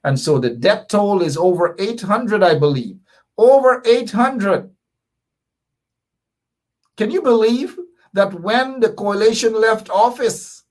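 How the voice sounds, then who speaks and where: A man with a Guyanese accent hosting a political radio talk show, emphatic, often tagging "right?" and swinging between loud high bursts and low asides. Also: slow pace, long pauses. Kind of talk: political call-in commentary.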